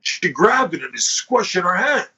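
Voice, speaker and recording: A man on a podcast, telling a crude story in a casual and animated way, swearing and acting out what people said. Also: high voice, normal speed, breathy edge. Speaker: podcast host. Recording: dull lo-fi podcast audio.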